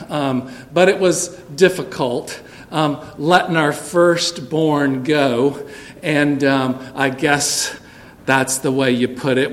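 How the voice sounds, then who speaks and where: Earnest pastor telling a story. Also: male voice. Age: middle-aged. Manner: storytelling, earnest, drops soft and low for tender moments. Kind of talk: sermon. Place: church sanctuary.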